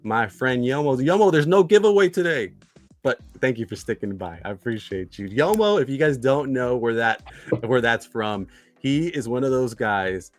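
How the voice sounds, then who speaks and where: A man hosting a livestream in a casual, chatty way, greeting viewers and reading their comments, with many fillers and repeated phrases. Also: mid-range voice. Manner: filler-heavy, repeats himself. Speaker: livestream host.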